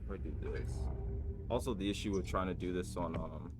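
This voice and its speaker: A man's voice: sits low, brisk, background noise. A man hosting a watch party stream, chatting casually and rambling while he checks audio levels. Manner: fussing over audio levels, loose and rambling. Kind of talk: casual chat.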